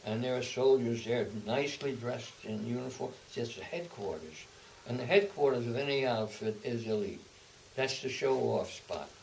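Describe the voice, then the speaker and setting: A man's voice: mid-range voice, creaky, darkish tone. Elderly man telling war stories, distant mic. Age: 80s. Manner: halting, repeats words and restarts, then speeds up. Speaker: interviewee, veteran. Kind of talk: oral-history storytelling. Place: home, indoors. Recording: distant mic with faint hiss.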